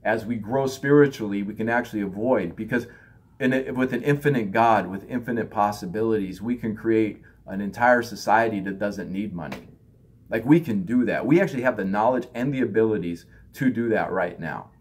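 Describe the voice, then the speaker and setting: A man's voice: fairly low pitch, a little fast, slightly rough. A man giving a loose, conversational spiritual talk, now and then acting out other people in raised voices. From United States. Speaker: spiritual teacher.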